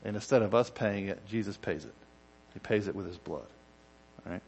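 A man preaching a conversational sermon, dropping to quiet intensity and rising to loud, emphatic bursts, acting out quoted voices in asides. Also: lowish voice, a little fast, vocal fry, slightly rough, muffled recording. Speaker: pastor.

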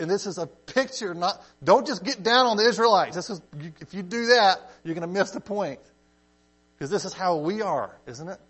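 A man's voice: high-pitched, normal speed, slightly rough. A man teaching a casual Bible study, reading scripture aloud and explaining it conversationally, often checking in with his listeners. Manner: conversational, checks in with "okay?" and "right?", animated emphasis.

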